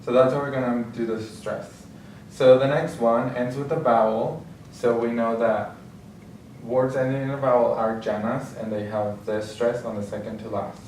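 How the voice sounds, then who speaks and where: A man's voice: mid-range voice, flat delivery, moderate pace, darkish tone, a little hiss or hum. Man teaching, echoey room from afar. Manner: patient, step-by-step, self-correcting. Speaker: Spanish teacher. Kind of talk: classroom explanation. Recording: echoey room, mic far off.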